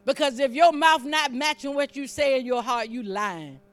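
A woman's voice: sits high, normal speed, a bit bright. A woman preaching a sermon in a conversational, fervent way, teasing the congregation and building up emphasis as she reads scripture.

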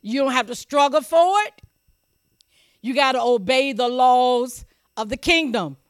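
Speaking a little slowly in a high, clear, resonant voice, the preacher stresses and repeats key phrases and checks that the congregation is following. The service is also streamed online, and the studio-clean recording has no room sound.

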